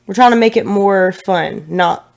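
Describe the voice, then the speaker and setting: A woman's voice: mid-range voice, moderate pace, creaky. A woman in her twenties from Tennessee, co-hosting a casual podcast and talking in a chatty, playful way with frequent laughs. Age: 20s. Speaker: podcast co-host. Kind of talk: casual chat.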